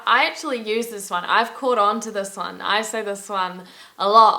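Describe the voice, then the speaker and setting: A young woman talks straight to camera in a casual travel vlog. Her voice is bright and forceful. She rambles cheerfully and leans on "like" in nearly every sentence. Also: medium pitch, fairly even intonation, normal speed. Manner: chatty, peppered with "like"; upbeat, laughs at her own stories. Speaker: travel vlogger.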